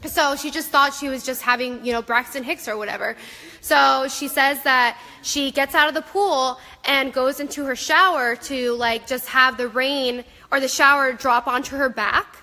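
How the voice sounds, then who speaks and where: A woman's voice: high-pitched, steady tone, normal speed, sharp tone, big-room sound. A woman author chatting casually on a live video, telling rambling stories with many fillers.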